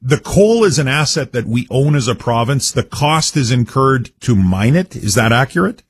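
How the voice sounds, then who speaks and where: Husky-voiced radio host, dry studio. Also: male voice, medium pitch, animated, moderate pace, no room sound. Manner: pointed, probing questions. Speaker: radio talk show host. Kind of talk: radio interview questioning.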